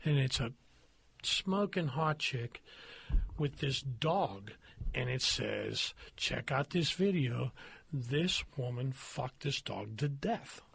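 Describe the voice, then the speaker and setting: A man's voice: mid-range voice, animated, slow pace, creaky, a bit bright, husky. A man hosting a podcast, telling a crude story with plenty of laughter in casual chat. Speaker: podcast host.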